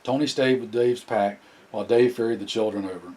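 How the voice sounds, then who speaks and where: Male audiobook narrator; low and mellow, steady reading with the odd restart. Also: fairly quick, rough recording. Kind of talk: scripted narration.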